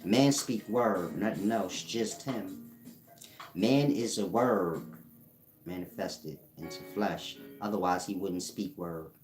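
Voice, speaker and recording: A man giving a casual spiritual teaching monologue, drawling slowly and using street slang. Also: low-pitched, a little mellow, soft background music. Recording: roomy echo.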